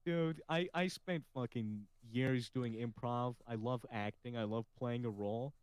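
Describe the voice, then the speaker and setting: A man's voice: medium pitch, unhurried, clear, resonant tone, dry recording, rough recording. A man hosting a casual podcast chat, with a slightly nasal voice, who talks freely, swears casually and laughs often. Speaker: podcast host.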